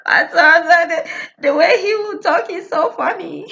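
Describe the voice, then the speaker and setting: This woman's voice is very high, bright, and forceful with vocal fry, and she speaks a little slowly. An astrology vlogger, she shares a personal story casually, stumbling over words, laughing a lot, and asking "you get what I'm saying?" over slightly muffled lo-fi sound.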